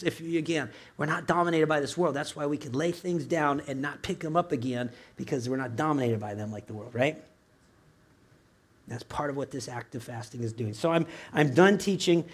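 A man preaching a sermon in a loose, conversational way, full of asides and rhetorical questions to his congregation. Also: on the high side. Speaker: pastor.

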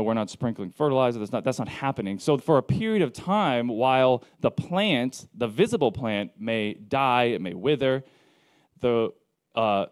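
A man preaching a casual sermon, telling stories in a joking, conversational way with lively asides. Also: medium pitch, no room sound, studio quality. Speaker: pastor.

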